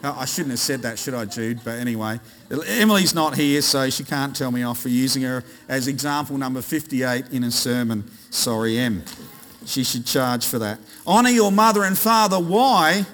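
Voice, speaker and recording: A man's voice: mid-range voice, normal speed, fairly bright tone. An Australian man preaching a sermon to a church congregation, joking and putting questions to the parents and kids in the room. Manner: jokey, quizzes the congregation. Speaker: pastor. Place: large church hall. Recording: reverberant church hall.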